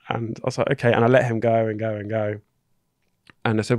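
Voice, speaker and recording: Guy from down south telling a story, lively, does the voices of people he's quoting, dry close mic. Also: lowish voice, normal speed, pauses often, no room sound. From Dorking, England. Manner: animated, acts out the other person's lines in the retelling. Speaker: podcast guest. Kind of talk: casual storytelling chat.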